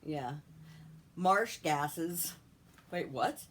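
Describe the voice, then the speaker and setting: Low-pitched woman co-host, relaxed matter-of-fact delivery, loose casual banter. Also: extremely slow. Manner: laid-back, lists items matter-of-factly. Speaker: podcast co-host and author. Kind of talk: casual chat.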